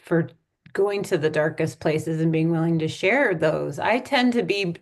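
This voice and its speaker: Gravelly-voiced thoughtful woman host. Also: deep voice. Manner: thoughtful, affirming, measured. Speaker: host, spirit medium. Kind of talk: reflective interview hosting.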